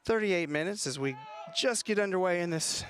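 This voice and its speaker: A man doing local play-by-play of a high school soccer game, out of breath and chatty, with folksy asides. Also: lively intonation, normal speed, a little hiss or hum. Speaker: play-by-play commentator. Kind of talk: local sports commentary. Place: press box at outdoor field.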